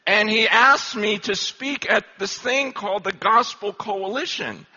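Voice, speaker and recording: A man giving an animated storytelling sermon at a conference, acting out the voices he quotes. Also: high voice, unhurried, big-room sound, lo-fi sound. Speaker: conference speaker.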